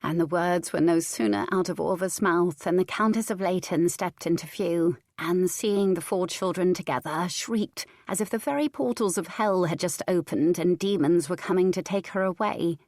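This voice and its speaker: A woman narrating a historical romance audiobook in a measured, even storytelling manner. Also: lowish voice, dry recording, clean studio sound. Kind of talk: scripted narration.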